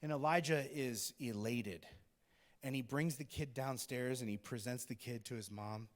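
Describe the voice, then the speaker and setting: A male pastor preaching a sermon in a casual, animated, conversational way, sometimes acting out the people in the story. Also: mid-range voice, normal speed. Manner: conversational, animated, acts out characters. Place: church auditorium. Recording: long hall reverb.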